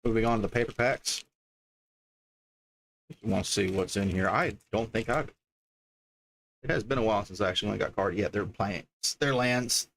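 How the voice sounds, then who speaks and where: A man's voice: fairly low pitch, moderate pace, creaky, pauses often, a bit bright. A man casually chatting on a livestream as he opens card packs, reading card names aloud and easily delighted by the art. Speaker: streamer opening card packs.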